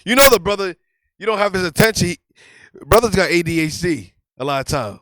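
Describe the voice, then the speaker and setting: High-voiced emphatic preaching man. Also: brisk, dry recording, poor audio. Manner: emphatic and conversational, repeats key phrases. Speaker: teacher of a religious class. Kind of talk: fiery sermon-style teaching.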